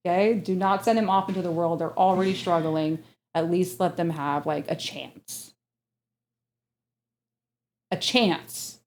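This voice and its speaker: This is a woman in casual podcast talk, blunt and lively, who swears without hesitation. Her voice sits a little low for a woman. She talks the way a parent does about everyday family life. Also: measured pace, long pauses, slight background noise. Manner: blunt, animated, swears freely. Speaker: podcast co-host; parent of an autistic child. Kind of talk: casual chat.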